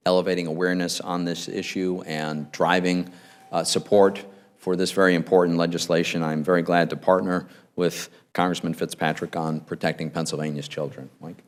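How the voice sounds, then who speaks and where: Host senator, low voice, formal and gracious introductions. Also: male voice. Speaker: senator hosting the press conference. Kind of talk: press conference introduction.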